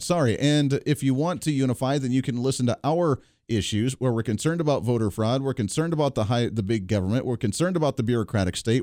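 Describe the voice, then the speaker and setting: A man's voice: mid-range voice, a little mellow, no echo, clean studio sound. Blunt opinionated radio host, a man. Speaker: radio talk show host. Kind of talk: political talk radio commentary.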